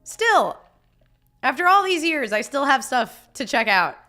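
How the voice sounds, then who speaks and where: Bright-voiced woman chatting on a stream. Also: sits high, sing-song, a little slow, faint music behind. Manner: chatty, laughs often, talks with fillers and restarts. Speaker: streamer reading chat. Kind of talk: casual live-stream chat. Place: home.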